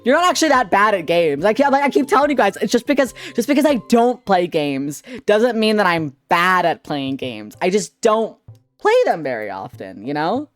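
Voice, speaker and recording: A young man chatting on a live stream as a VTuber, excitable, giggly and rambling, with a lot of laughter. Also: sits high, normal speed, faint music behind. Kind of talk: casual live-stream chat.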